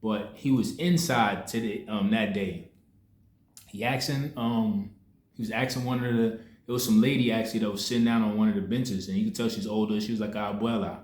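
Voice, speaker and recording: In an echoey room, a young man who makes spiritual content tells a personal story in loose street slang, rambling and restarting as he works toward a spiritual lesson. His voice is fairly low, steady, and darkish, and he talks a little fast.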